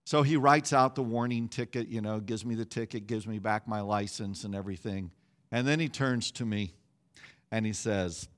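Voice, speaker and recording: A middle-aged male pastor delivering a sermon, telling a story with lively, self-mocking humor. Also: lowish voice, moderate pace.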